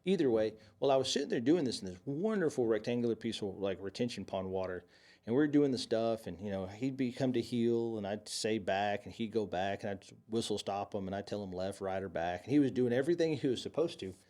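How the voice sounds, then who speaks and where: A man's voice: on the low side, lively intonation, quick pace, warm tone. A man co-hosting a podcast, telling stories in casual chat with many restarts. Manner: rambling, many restarts, tells stories animatedly. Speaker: podcast co-host.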